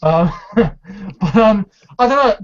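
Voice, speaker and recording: A man hosting a casual football fan chat, chatty and quick to laugh, with many fillers. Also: high voice, animated. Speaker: fan channel host. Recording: dull lo-fi sound.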